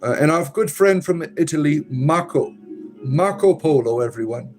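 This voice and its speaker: A man's voice: a little high, expressive, moderate pace, darkish tone, faint music behind. A man hosting a casual livestream, reading viewer comments aloud with wry remarks and muttered asides. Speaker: livestream host reading chat. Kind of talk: casual live-stream chat.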